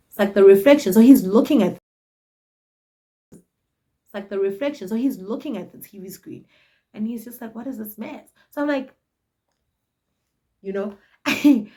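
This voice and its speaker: A South African woman in her twenties, telling a casual storytime in an animated, dramatic and cheeky way. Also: fairly high pitch. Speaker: vlogger.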